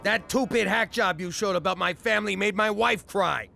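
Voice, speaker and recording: A man's voice: sits high, normal speed, creaky, pushed and bright, soft background music, exaggerated voice. An actor playing a brash middle-aged mobster-style man who wisecracks in tough-guy slang.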